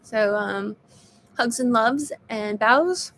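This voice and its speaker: A woman's voice: a little high, slow pace, fairly bright tone, a little hiss or hum. A woman giving a casual personal video update, weary and frank, sounding exhausted. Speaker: vlogger.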